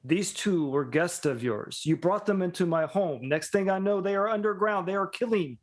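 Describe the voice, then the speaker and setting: A man's voice: sits high, expressive, normal speed, pitched above the performer's own voice. A man voicing a stern baron who delivers cold, commanding threats. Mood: accusing. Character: stern, menacing baron, middle-aged man.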